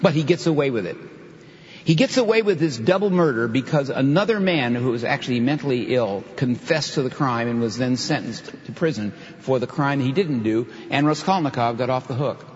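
A man's voice: mid-range voice, lively intonation, fairly quick. Older man preaching in a reverberant church. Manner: earnest, emphatic preaching with rising stresses. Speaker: pastor. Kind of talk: sermon. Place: church sanctuary. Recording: dull reverberant hall sound.

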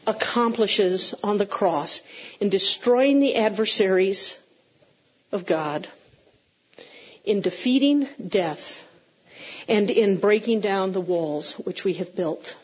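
A woman's voice: mid-range voice, slightly rough, muffled recording. A middle-aged woman pastor preaching a conversational sermon, with self-deprecating humor, answering her congregation.

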